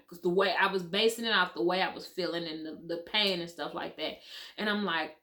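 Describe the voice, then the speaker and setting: A woman's voice: on the low side, normal speed, bright, forceful tone. A young adult woman, telling a personal story in a candid storytime vlog, swearing freely and calling her viewers y'all. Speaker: vlogger.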